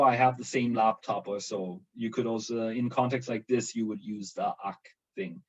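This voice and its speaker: A man's voice: mid-range voice, dull audio. A man teaching a university language lesson online, explaining at length with many fillers and restarts.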